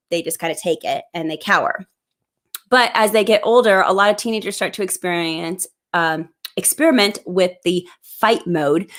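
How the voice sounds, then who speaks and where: A woman in her thirties talks to her viewers on a live parenting advice show. She lays out tips in a clear, upbeat way at a mid pitch, speaking into a plugged-in microphone. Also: a bit bright. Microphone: plug-in microphone.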